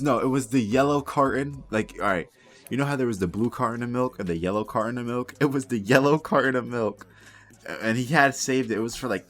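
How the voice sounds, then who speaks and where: A man's voice: lowish voice, fairly bright tone. A young man telling a storytime tale in a casual, rambling way, swearing and laughing as he goes. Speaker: storytime vlogger.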